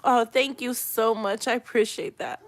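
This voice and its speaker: On an emotional livestream, a woman responds to comments with sincere, tearful encouragement, spiritual and pleading in tone. Her voice is on the high side, her intonation fairly even, and she talks at a moderate pace.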